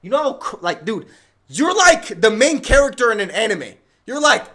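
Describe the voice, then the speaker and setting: A man's voice: very high-pitched, normal speed. Slangy young man streaming advice. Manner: slangy, animated, storytelling with asides. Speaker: livestreamer. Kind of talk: casual advice talk to chat.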